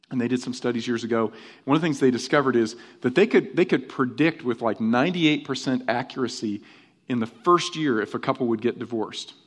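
A middle-aged man preaching a conversational sermon as pastor, animated and often tagging his points with rhetorical questions. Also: medium pitch.

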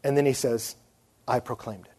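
A man giving a conversational conference sermon, dropping to a hushed voice to stress a point. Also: mid-range voice, moderate pace, husky. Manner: conversational preaching, drops to a hushed voice for emphasis. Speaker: pastor.

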